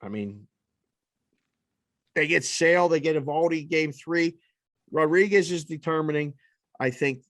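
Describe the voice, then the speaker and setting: A man hosting a casual sports podcast, leading the banter in an animated, profane way. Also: fairly high pitch, dry recording, clean studio sound. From lives in Las Vegas. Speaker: podcast host.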